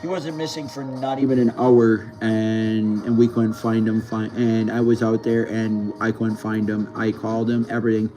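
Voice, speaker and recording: A man's voice: on the low side, little pitch movement, moderate pace, few pauses, dark tone, rough recording. A man talking casually to camera in a rambling way, stumbling, repeating words and swearing as he goes. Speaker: vlogger. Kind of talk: casual vlog talk. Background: faint music.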